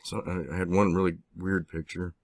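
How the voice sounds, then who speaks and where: Deep-voiced man rambling through a story. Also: flat delivery, no room sound. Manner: rambling, halting, frequent restarts and mild swearing. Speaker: interviewee recounting personal experiences. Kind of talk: casual spoken storytelling.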